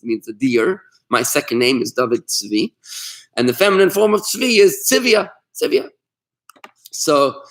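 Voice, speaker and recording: Animated middle-aged rabbi teaching Talmud. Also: male voice, mid-range voice. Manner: animated storyteller, warm asides, many restarts. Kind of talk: casual online Torah class.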